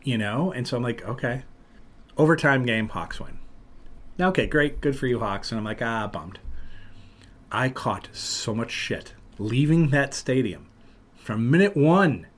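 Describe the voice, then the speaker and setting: A man hosting a podcast, telling a long story in casual chat and loudly acting out what people said. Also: medium pitch, a little slow. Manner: animated, acts out loud quotes of other people. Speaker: podcast host.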